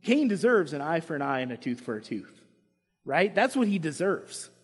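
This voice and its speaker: A pastor preaching a sermon in a church with impassioned delivery, dropping to quiet asides. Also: male voice, fairly high pitch, big pitch swings, normal speed, breathy edge. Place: church sanctuary. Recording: long hall reverb.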